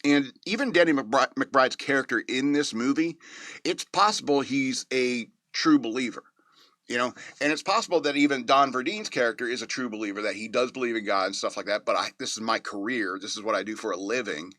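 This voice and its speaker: Bright-voiced man rambling through a movie review. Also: medium pitch, brisk, no room sound, clean studio sound. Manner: rambling, with many fillers and chuckles. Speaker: podcast host reviewing a movie. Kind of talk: casual spoken movie review.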